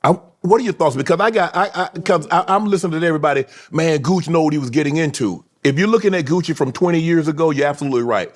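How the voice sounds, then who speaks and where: A man with a Southern accent hosting a casual interview, asking questions in a lively way and chuckling along. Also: a little high, fast, hardly any pauses. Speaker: podcast host.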